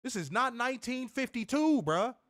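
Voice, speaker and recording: Angry male co-host, high voice, profane heated rant on a stream. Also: big pitch swings, normal speed, a bit bright. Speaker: wrestling show co-host.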